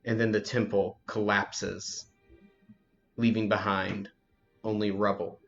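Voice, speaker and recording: A man narrating a tabletop role-playing game as game master, in slow, descriptive second-person narration, on a lo-fi recording with faint music. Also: on the low side, little pitch movement, creaky, fairly bright tone.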